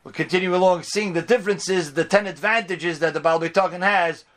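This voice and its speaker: A man's voice: sits high, a little fast, a bit bright. A man teaching a religious lecture, repeating points emphatically and using Hebrew and Yiddish terms. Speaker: Torah teacher.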